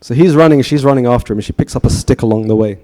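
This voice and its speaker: A man in his thirties races through a storytelling sermon at a temple, his medium-pitched voice mellow. He keeps things chatty and asks his listeners questions.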